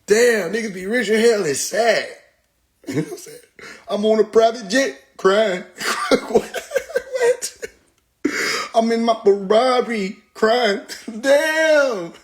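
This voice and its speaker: A man's voice: high voice, slow pace. A man doing casual live-stream commentary on songs, loose and profane, laughing often and singing along, talking into a phone. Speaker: livestreamer reacting to songs.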